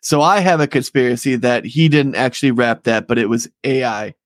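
A man's voice: mid-range voice, fairly quick, no echo, clean studio sound. A man co-hosting a casual political podcast, rambling with many fillers. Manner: rambling, filler-heavy, talkative. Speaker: podcast co-host.

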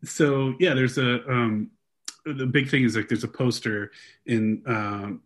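A young man hosting a casual podcast, walking his co-host through research in an animated, rambling way full of fillers. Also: mid-range voice, takes it slowly. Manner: animated storyteller, frequent fillers and restarts.

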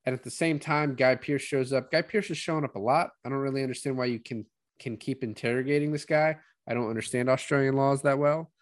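A man chatting loosely on a film podcast, summing up scenes. His talk is relaxed and filled with "like" and quick quoted asides. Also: medium pitch. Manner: casual storytelling with frequent "like" and quoted asides. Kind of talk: casual film discussion.

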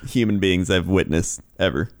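A man's voice: low-pitched, moderate pace. Wry man in casual chat. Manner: wry, sarcastic asides. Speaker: podcast co-host.

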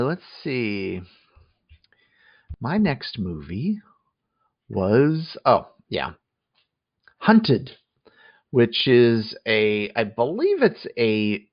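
A man's voice: mid-range voice, very animated, very slow, pauses often, no room sound, dull audio. Guy rambling thru a movie review, lots of uh and restarts, dry dullish recording. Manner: rambling, many restarts and fillers. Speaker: movie review podcast host. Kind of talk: casual spoken movie review.

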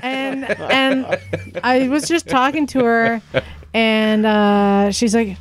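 A woman's voice: fairly high pitch, slow pace, long pauses, slight background noise. A woman co-hosting a casual podcast among friends, telling a story with laughs and acted-out quotes. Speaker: podcast co-host.

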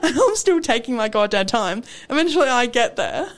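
A woman's voice: on the high side, sing-song, moderate pace. A young Australian woman co-hosting a show, telling a story in casual chat, acting out the dialogue and laughing often. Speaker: radio show co-host.

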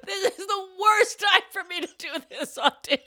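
A bright, high-pitched woman bantering on a comedy podcast. She swings her voice widely and bursts into loud, laughing asides. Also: lively intonation, normal speed, dry recording. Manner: loud, laughing, theatrical outbursts. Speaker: podcast co-host.

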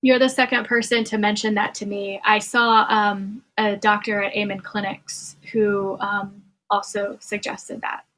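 Woman guest on a podcast, kinda hesitant, lots of ums, normal pitch. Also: little pitch movement, unhurried, few pauses, fairly bright tone, rough recording. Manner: hesitant, many um fillers. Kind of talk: conversational interview.

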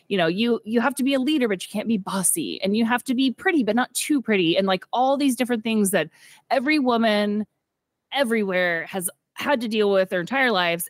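A woman's voice: mid-range voice, dry recording. A woman co-hosting a movie podcast, chatting enthusiastically and rambling with lots of filler words. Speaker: podcast co-host. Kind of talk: casual movie-review chat.

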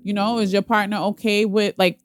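A woman telling a story in casual podcast chat, slangy and animated, acting out other people's voices. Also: medium pitch, brisk, dry recording, studio quality. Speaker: guest telling her proposal story.

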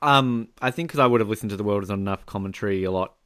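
A man co-hosting a podcast, teasing and chatting quickly over a film commentary. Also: on the low side, fairly bright tone, no echo, studio quality. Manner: fast, teasing. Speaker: podcast co-host. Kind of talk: casual movie commentary chat.

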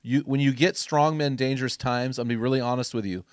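A middle-aged man giving a preaching-style podcast talk to men as ministry speaker and host, emphatic and exhortative, rising to loud punchy bursts. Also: medium pitch, fairly even intonation, fast, no room sound, studio quality.

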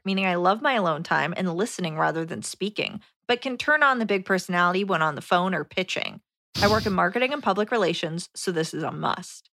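Bright-voiced young woman podcaster. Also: lowish voice, creaky, dry recording, studio quality. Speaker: podcast co-host. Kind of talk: casual chat, reading a listener letter.

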